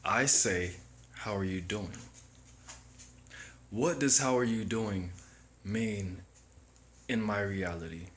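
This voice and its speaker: A man's voice: fairly low pitch, a bit bright. A man hosting his own channel, giving a reflective, preachy motivational monologue to camera. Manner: slow, reflective, preachy self-help delivery. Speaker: channel host.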